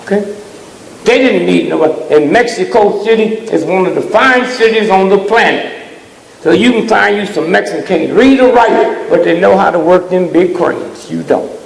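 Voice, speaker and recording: Gravelly man lecturing in an echoey hall. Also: high voice, animated, normal speed. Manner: blunt, scolding, keeps asking "huh?" to the crowd. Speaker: speaker addressing a live audience. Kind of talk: fiery preaching-style lecture. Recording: echoey hall with long reverb.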